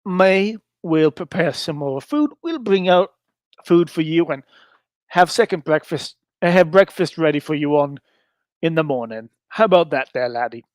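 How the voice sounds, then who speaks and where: A friendly, folksy hobbit farmer, as a man puts him on, speaking in a slightly high voice. The sound is dry and close. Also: lively intonation, moderate pace, no room sound, natural voice. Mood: hospitable. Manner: folksy, calls him lad.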